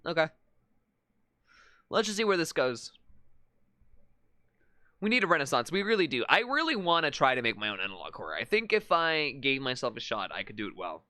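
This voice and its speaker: A streamer chatting through a live session, the tone bright and up-front. The voice rises and falls with lively swings. The delivery is relaxed and unscripted, with frequent stammered restarts. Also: mid-range voice, a little fast, pauses often, no room sound, clean studio sound. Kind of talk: casual live-stream commentary.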